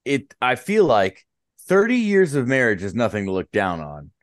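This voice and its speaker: A man co-hosting a podcast, chatting casually in a halting way with many restarts. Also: medium pitch, wildly swooping pitch, no room sound, clean studio sound. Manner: halting, restarts often, slow drawl. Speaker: podcast co-host. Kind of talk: casual banter.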